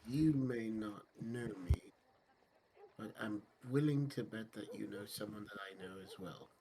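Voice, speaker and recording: A man's voice: lowish voice, a little slow, crowd noise. A man playing a tabletop role-playing game, speaking hesitantly with lots of fillers. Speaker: player. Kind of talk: casual tabletop game play.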